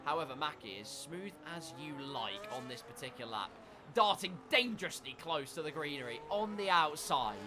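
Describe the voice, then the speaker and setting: Man, sim race caller, high voice, excitable and jokey, noisy mix with engine sound under him. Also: moderate pace. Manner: excitable, jokey, breaks into shouts. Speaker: sim racing commentator. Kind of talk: live esports race commentary.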